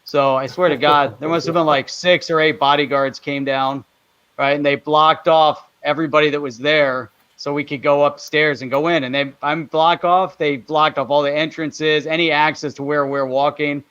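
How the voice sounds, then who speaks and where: A man co-hosting a live online show, telling a travel story in a relaxed, easygoing way. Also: on the high side, moderate pace, smooth, no echo, highs cut off. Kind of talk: casual storytelling chat.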